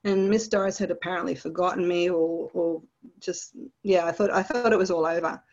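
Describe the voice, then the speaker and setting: Australian woman, lower voice, storytelling. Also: brisk, highs cut off. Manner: animated, vivid storytelling with laughs. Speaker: guest. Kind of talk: storytelling in a podcast interview.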